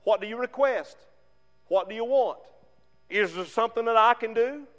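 A man's voice: very high-pitched, moderate pace, fairly bright tone. A preacher voicing an ancient king who anxiously questions his trusted servant. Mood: eager to help. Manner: pleading, questioning. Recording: long reverb.

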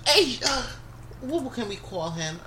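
A woman in casual chat, ranting heatedly and getting loud when riled. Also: on the high side, big pitch swings, unhurried, crowd noise.

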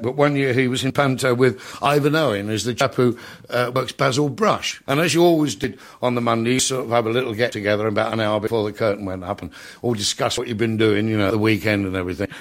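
An older man, an entertainer, telling comic backstage anecdotes in a chatty way, full of "you know" asides. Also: medium pitch. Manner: chatty, peppered with "you know", laughs at his own tales.

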